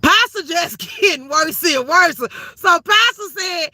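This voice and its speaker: A woman hosting a livestream, spilling gossip to her chat in a brash, profane way. She laughs often and keeps calling the viewers "baby". Her high voice has a hard, piercing edge, and it sounds close and dry. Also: expressive, unhurried, pushed and bright, no room sound. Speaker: livestream host. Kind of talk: casual gossip commentary to a live chat.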